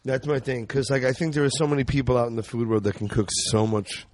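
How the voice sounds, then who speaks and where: A man's voice: medium pitch, quick pace, darkish tone, a little hiss or hum. A man, a podcast guest, chatting in an easygoing, self-deprecating way. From New York. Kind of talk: casual chat.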